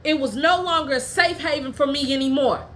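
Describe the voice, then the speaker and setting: A woman hosting her own podcast tells candid personal stories in a blunt, profane, heated way, speaking briskly. When family matters come up, she drops low and quiet, and there's slight background noise.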